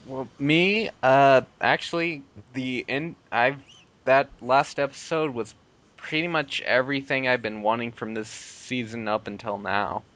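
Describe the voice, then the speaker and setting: A man's voice: medium pitch, measured pace, fairly bright tone. Laid-back male podcast host. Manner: laid-back, chuckles often, trails off. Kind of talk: casual chat.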